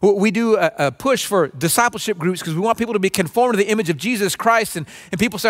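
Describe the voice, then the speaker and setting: A pastor delivering a sermon in an earnest, preacherly way, acting out grumbling voices. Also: male voice, high-pitched, fast talker, hardly any pauses. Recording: long reverb of a large room.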